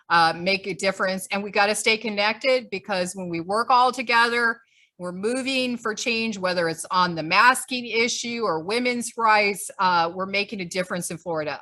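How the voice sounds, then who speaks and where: A woman wrapping up a community meeting over a video call, talking in an emphatic, conversational way. Her voice is bright and forward, and it keeps an even, everyday pitch. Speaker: grassroots group leader. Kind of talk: closing remarks at an online meeting.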